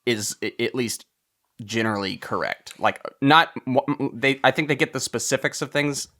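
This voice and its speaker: A man hosting a film podcast in casual chat, steering the talk, with sentences that often trail off softly. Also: medium pitch, moderate pace. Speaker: podcast host.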